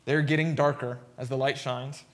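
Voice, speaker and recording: A man's voice: medium pitch, fairly even intonation, normal speed. A man preaching a sermon, reading scripture aloud and commenting emphatically, often checking in with "right?".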